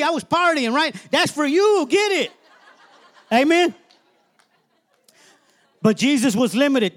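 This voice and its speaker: A man preaching a sermon as a minister, emphatic and conversational, repeating phrases and laughing as he talks. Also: very high voice.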